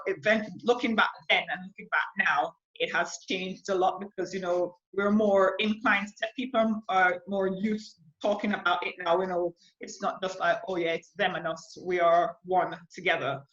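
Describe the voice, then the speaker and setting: Bright-voiced chatty woman, muffled audio. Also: mid-range voice, fairly even intonation, normal speed. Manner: chatty, many "like" and fillers. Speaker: guest, air force corporal. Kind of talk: casual storytelling in an interview.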